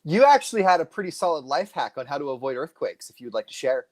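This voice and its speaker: A co-host talking on a video call from home, rambling through stories with plenty of restarts. The pitch moves a lot, so the delivery sounds lively and animated in a casual stream chat. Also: fast, dry recording.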